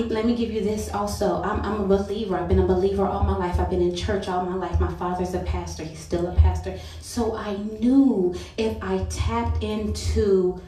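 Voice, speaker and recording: A woman's voice: medium pitch, steady tone, normal speed, dark tone. Woman preacher, earnest testimony, heard from afar in a very echoey sanctuary. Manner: earnest, personal storytelling. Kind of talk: sermon testimony. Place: church sanctuary. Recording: roomy church sound from a distance.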